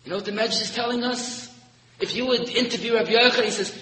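Emphatic high-voiced preacher in an echoing hall. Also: male voice, fast talker. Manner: storytelling with rising emphatic peaks and sudden hushed drops. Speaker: rabbi giving a Torah talk. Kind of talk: sermon. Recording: echoey hall, long reverb.

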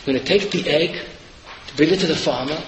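A man's voice: fairly high pitch, fast, slight background noise, pitched below the performer's own voice, lightly acted. A man voicing a patient poor mother. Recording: echoey hall.

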